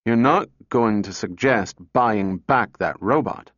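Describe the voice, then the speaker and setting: A man's voice: on the low side, slow, a bit bright, dry recording. A man voicing an anxious mother who scolds and sounds weary. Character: anxious, sharp-tongued mother. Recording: dull dry recording.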